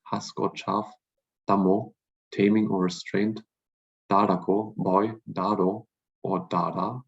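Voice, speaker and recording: Husky man reading vocabulary in a lecture. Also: on the low side, level tone, highs cut off. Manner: repeats each word slowly, then glosses it. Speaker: language teacher.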